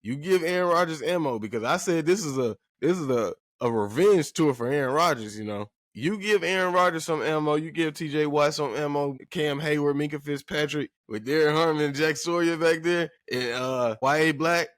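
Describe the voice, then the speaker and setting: A man's voice: fairly high pitch, normal speed, few pauses, dry recording, studio quality. A man hosting a sports podcast in casual talk, emphatic and repeating phrases for effect while addressing listeners directly.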